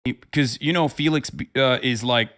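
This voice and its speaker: A man's voice: medium pitch, moderate pace, a bit bright. A man in his thirties hosting a livestream, talking in a heated, sarcastic and profane way. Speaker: livestream host. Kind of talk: casual streamer commentary.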